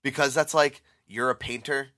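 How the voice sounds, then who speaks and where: A man's voice: mid-range voice, fairly even intonation, normal speed, sharp tone, no room sound, studio quality. A man co-hosting a podcast, laid-back and chatty, often checking in with "you know what I mean". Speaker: podcast co-host. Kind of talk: casual banter.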